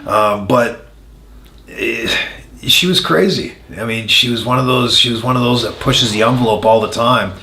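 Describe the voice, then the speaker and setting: A man, a former wrestler, telling candid stories in an interview, frank and full of pauses, getting animated during anecdotes. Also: fairly low pitch, gravelly. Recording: echoey room.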